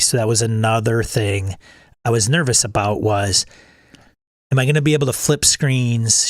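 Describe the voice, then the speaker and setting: A man's voice: medium pitch, no room sound, studio quality. A man hosting a casual solo chat, rambling and often restarting his sentences. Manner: rambling, self-correcting, repeats words. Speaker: channel host. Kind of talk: casual solo chat about tabletop games.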